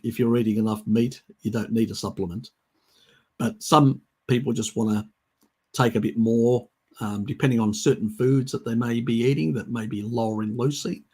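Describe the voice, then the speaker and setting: A man's voice: mid-range voice, fairly even intonation, moderate pace, darkish tone, slightly rough. A man hosting a livestream, answering viewer questions in a chatty, rambling way. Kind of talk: casual livestream Q&A.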